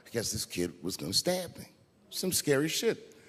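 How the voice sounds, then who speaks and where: A man performing a stand-up comedy routine, telling a story with sudden loud outbursts. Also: medium pitch, sing-song, moderate pace. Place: large comedy venue with audience. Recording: live hall recording, echoey.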